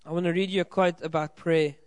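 A South African pastor with a voice on the high side preaches fast to a congregation in a church hall, with no echo. His delivery is flat, yet his message is earnest and encouraging, aimed directly at the people in front of him.

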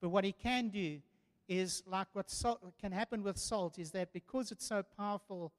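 High-voiced preacher in a reverberant hall. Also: male voice, normal speed. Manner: earnest storytelling preacher, rising to emphatic declarations. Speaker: pastor. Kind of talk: sermon. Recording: long church reverb.

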